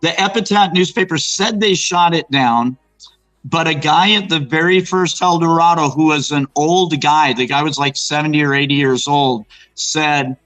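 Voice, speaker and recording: A man's voice: on the high side, normal speed, a bit bright, poor audio. A man from Arizona, raised in Los Angeles, chatting as a guest and telling rambling local stories with many restarts. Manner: rambling storyteller, restarts and fillers, acts out quotes. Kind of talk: casual chat about local hauntings.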